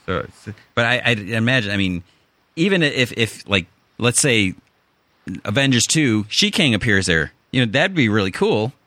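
A man's voice: medium pitch, very animated, moderate pace, sharp tone, no room sound. A man with a Chicago accent, hosting a casual podcast chat and rambling through restarts and fillers. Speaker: podcast host.

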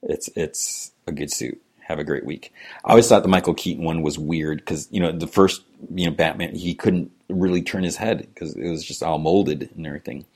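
A husky, rumbling low voice belongs to a man hosting a podcast alone, reading listener emails and chatting casually at normal speed with fairly even intonation and a slightly mellow quality. He rambles, chuckles, and leans heavily on "you know."

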